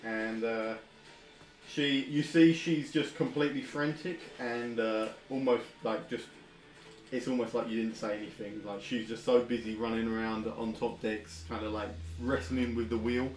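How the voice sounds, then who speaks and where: A man's voice: lowish voice, fairly even intonation, moderate pace, slight background noise. A man with a British accent narrating a tabletop game as game master, laughing often and full of fillers. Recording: roomy echo.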